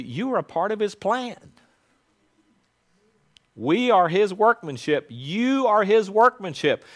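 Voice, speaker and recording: A male pastor preaching a sermon in an earnest, conversational way that swells into loud proclamation. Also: fairly high pitch.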